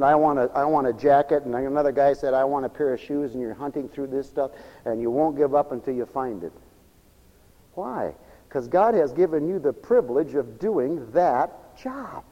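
A male preacher giving a fervent, repetitive sermon that swings between loud emphatic lines and low murmurs, recorded for radio in a church. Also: dull audio. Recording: long reverberant hall, radio broadcast tape.

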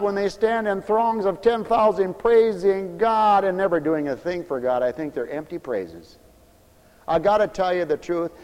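A man preaching a sermon with great fervor, swinging from shouted exhortations to low, confiding asides. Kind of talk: fiery sermon. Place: church hall, also broadcast on radio. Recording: long hall reverb.

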